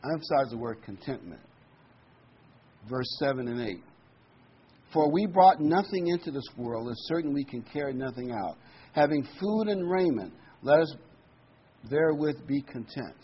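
Guy preaching, chatty sermon, slows way down on bible verses, muffled recording. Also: mid-range voice, animated, husky. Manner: conversational, reads scripture slowly with emphasis. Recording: dull lo-fi recording with faint noise.

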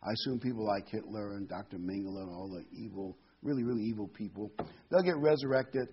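A man's voice: on the low side, brisk, dull audio, a little hiss or hum. A man giving informal Bible teaching as a preacher, folksy, with corny jokes and frequent ums.

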